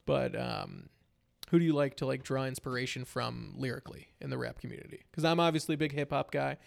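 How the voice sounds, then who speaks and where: A man's voice: medium pitch, fairly quick, vocal fry. A man in his twenties hosting a casual chat, telling stories with lots of fillers and swearing. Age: 20s. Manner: animated storyteller, swears freely, many "like" fillers. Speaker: podcast host.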